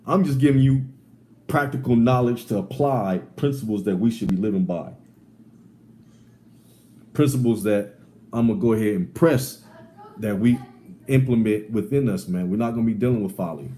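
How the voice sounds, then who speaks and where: Guy teaching bible stuff, warm low-key tone, keeps saying man, punchy and repetitive, a little room noise. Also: moderate pace, pauses often. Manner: emphatic, repetitive, says "man" often; swings between loud sarcastic bursts and low asides. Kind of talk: street-style Bible teaching.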